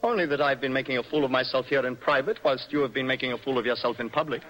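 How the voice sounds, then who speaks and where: A young actor playing a nervous, intense poet in a radio play, with a dreamy, impassioned manner. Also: male voice, mid-range voice, fast, fairly bright tone, lightly acted, low-quality recording. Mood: mocking, rhapsodic. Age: young adult. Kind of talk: radio stage-play acting.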